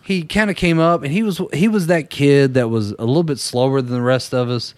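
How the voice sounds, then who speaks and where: A young man co-hosting a podcast, telling a story in a relaxed, profane way, laughing as he goes. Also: mid-range voice, brisk, no room sound. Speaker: podcast co-host. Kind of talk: casual storytelling chat.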